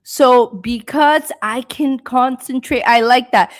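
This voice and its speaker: A young adult woman teaching English speaking on a live stream, deliberate and encouraging, reading out viewers' answers and extending them. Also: high-pitched.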